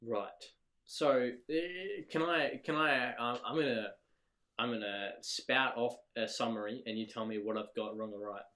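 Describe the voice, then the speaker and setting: A man's voice: medium pitch, unhurried, sharp tone. A man co-hosting a casual chat podcast, mocking and joking, with plenty of ums and restarts. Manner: hesitant with many ums, dry mocking. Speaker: podcast co-host.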